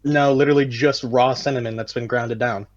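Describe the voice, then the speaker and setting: A man's voice: mid-range voice, steady tone, brisk, muffled recording. An American man co-hosting a casual podcast chat, blunt and profane, with mock outrage. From United States. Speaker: podcast co-host.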